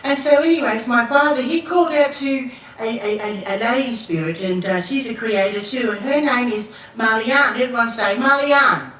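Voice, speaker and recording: A woman's voice: on the high side, moderate pace. Older Australian woman telling a story in an echoey hall. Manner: relaxed, rambling storytelling with audience call-and-response. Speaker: Aboriginal elder giving a Welcome to Country. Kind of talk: storytelling welcome speech to an audience. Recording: echoey hall from far off, faint noise.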